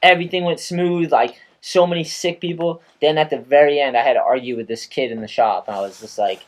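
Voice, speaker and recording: Animated man telling stories, swearing freely. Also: a little high, fairly quick. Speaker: podcast host. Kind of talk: casual chat.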